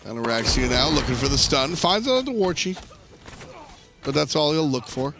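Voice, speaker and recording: A man's voice: a little high, expressive, normal speed, over music. A man casting live esports, breaking down picks and items in an analytical, chatty way with frequent restarts. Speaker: esports caster.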